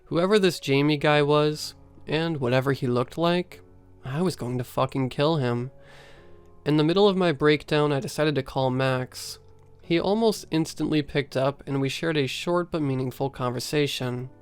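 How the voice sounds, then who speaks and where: Man, horror story narrator, smooth resonant voice, steady first-person telling. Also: a little high, normal speed, faint music behind.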